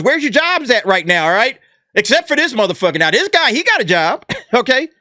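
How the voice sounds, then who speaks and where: A man's voice: very high-pitched, sing-song, a little fast, bright, forceful tone, no room sound, studio quality. A man hosting a commentary channel, talking in a brash, mocking and profane way, laughing at the people he talks about. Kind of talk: casual commentary monologue.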